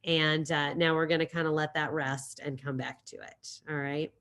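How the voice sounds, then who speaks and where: A chatty woman teacher talking a class through a recorded lesson. Her voice sits a little low, and she likes to repeat key phrases as she goes. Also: fairly even intonation, normal speed, a bit bright. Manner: chatty, storytelling with silly voices and repetition.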